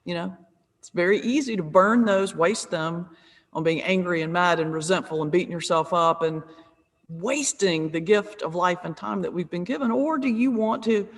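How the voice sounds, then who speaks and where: A woman's voice: fairly low pitch, moderate pace, big-room sound. A woman in her fifties from North Carolina, a pastor and comedian, telling humorous self-deprecating stories in an interview over a video call. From North Carolina, USA. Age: 50s. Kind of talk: conversational storytelling.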